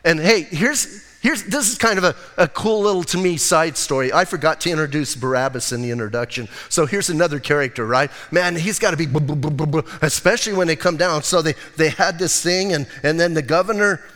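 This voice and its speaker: Male pastor, slightly high voice, casual animated sermon storytelling, church hall with a long reverb tail. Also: fairly quick, hardly any pauses. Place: church sanctuary.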